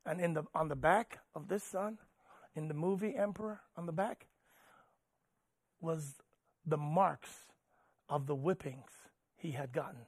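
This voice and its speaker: High-voiced preaching man, dry close sound. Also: a little slow, long pauses, husky, no room sound. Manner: preaching with swells from loud urging to hushed storytelling. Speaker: pastor. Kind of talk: sermon.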